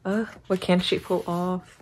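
A young woman giggling and gushing excitedly as she unboxes and comments on a photobook. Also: fairly low pitch, unhurried, slight background noise. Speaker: unboxing vlogger.

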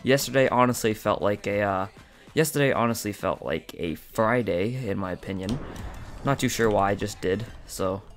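A man giving casual, excitable gameplay commentary, talking directly to his viewers with frequent outbursts. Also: on the low side, normal speed, faint music behind. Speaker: gaming channel host.

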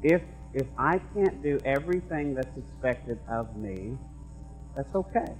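A middle-aged man preaching a sermon as pastor, moving between quiet conversational asides and loud, emphatic repeated lines. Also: mid-range voice, lively intonation, measured pace, soft background music, poor audio. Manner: conversational preaching that swings from hushed asides to raised emphatic repetition.

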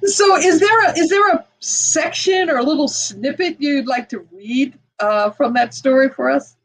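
A woman's voice: high voice, moderate pace, rough recording. A woman interviewer in a book event conversation, amused and laughing often.

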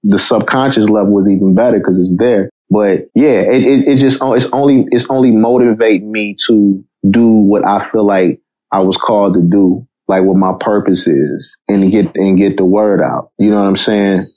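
An American man, a rapper as guest, talking in a laid-back, halting way with many fillers in a casual interview. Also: fairly low pitch, steady tone, warm tone, dull audio. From United States. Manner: laid-back, halting, often says "you know what I'm saying".

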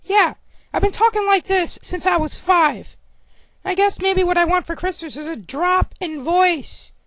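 A woman's voice: very high voice, a little slow, a bit bright, no room sound, heavily acted, poor audio. A woman voicing a young male hedgehog who rambles and complains with lots of "you know.". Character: young male hedgehog, whiny, easily annoyed.

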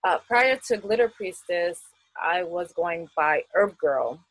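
Here the festival artist guest, a middle-aged American woman with a Queens, New York accent, talks slowly and animatedly in a lowish voice during a casual video-call interview full of laughter and fillers. The recording is rough but has no room sound.

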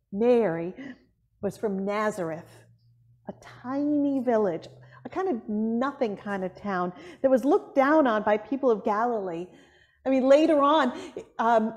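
A woman from Buffalo, New York, with a high, rather hard and nasal voice, delivers a sermon. Her storytelling is lively, and she often breaks into laughter while preaching.

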